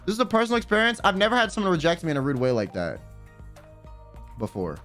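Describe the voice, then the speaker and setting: Guy with a high voice going off on a profane rant on stream, faint music in the back. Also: huge pitch swings, fast, fairly bright tone. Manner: blunt, profane, emphatic ranting. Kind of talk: casual livestream rant.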